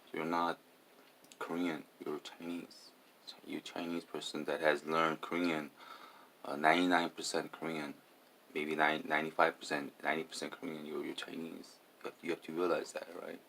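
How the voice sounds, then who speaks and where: A tipsy man rambling in a casual monologue, halting and repeating his words, swinging between loud bursts and mumbles. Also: a bass voice, flat delivery, creaky, a little hiss or hum. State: tipsy after drinking.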